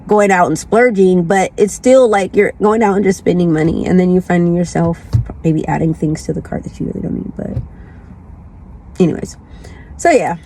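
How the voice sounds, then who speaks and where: A woman's voice: mid-range voice, dark tone, slight background noise. A woman vlogger chatting casually from her car, congested from the flu, rambling and repeating herself. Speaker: lifestyle vlogger. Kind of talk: casual chat.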